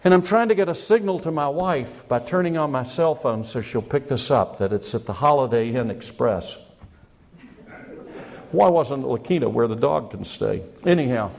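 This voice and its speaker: A man's voice: medium pitch, animated, normal speed, creaky, darkish tone. A man preaching a sermon as pastor, building up with rising questions and impassioned appeals.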